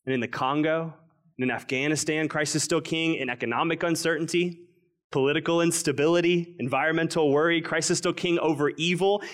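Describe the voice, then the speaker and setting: A man in his thirties preaching a sermon, slowing down and dropping his voice to stress key lines. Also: on the high side, steady tone. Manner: earnest preaching, stretches key phrases slowly, drops quiet for emphasis. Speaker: pastor.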